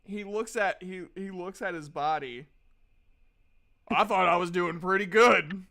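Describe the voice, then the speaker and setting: A man's voice: high-pitched, moderate pace, fairly bright tone. A man playing a bemused warhammer warrior. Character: male warrior with a warhammer, plain and puzzled.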